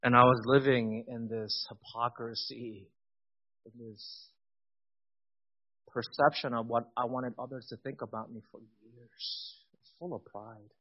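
A man in his forties giving a personal testimony in a sermon, swinging from loud emphatic bursts to quiet intimate asides. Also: mid-range voice, steady tone, measured pace, dull audio.

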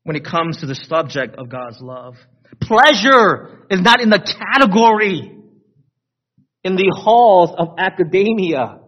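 A man with a high-pitched, animated voice preaches at a measured pace in a conversational style. He circles back to key phrases and keeps checking in with his congregation, and the recording sounds dull and lo-fi.

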